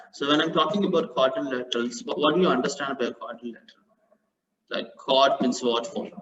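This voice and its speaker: A man teaches maths in a live online class. He repeats his phrases, corrects himself as he goes and praises his students. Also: medium pitch. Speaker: maths tutor. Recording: dull lo-fi online call audio.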